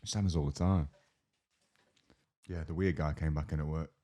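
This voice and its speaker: A man's voice: a bass voice, steady tone, moderate pace, mellow. A man co-hosting a podcast, telling rambling, amused stories in casual chat. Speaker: podcast co-host.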